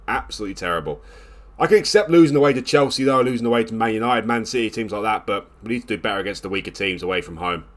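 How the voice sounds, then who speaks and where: A man, commentating his football management game as a video host, groaning at mistakes and getting excited when his team scores. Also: fairly low pitch. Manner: exasperated groans, then rising excitement during the comeback.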